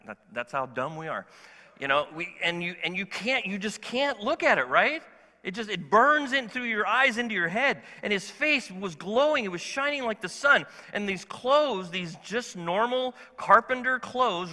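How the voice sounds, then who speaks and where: A male pastor preaching a sermon in an animated, conversational way, asking the congregation questions. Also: high voice, big-room sound. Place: church sanctuary.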